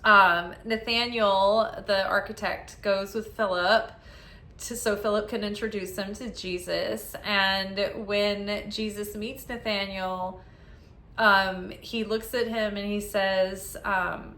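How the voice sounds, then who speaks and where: A woman's voice: medium pitch, fairly even intonation, slow, bright, forceful tone. A young woman giving a casual tarot reading, tired and rambling, peppering her talk with "like". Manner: rambling, filler-heavy with frequent "like". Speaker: tarot reader. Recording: roomy echo.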